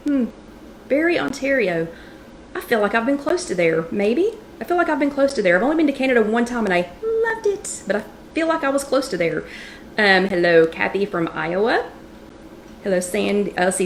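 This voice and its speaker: A woman's voice: medium pitch, a little hiss or hum. A woman hosting a casual livestream from a kitchen showroom, chatting and greeting viewers by name. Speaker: livestream host.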